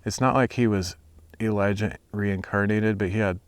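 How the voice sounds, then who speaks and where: Young guy w a really low voice, thinking out loud outside, lots of ums, dry close sound. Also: steady tone, normal speed, no echo. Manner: thinking aloud with many fillers and restarts. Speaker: Bible reader and hiker. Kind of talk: casual reflection and Bible reading outdoors. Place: outdoors in nature at sunset.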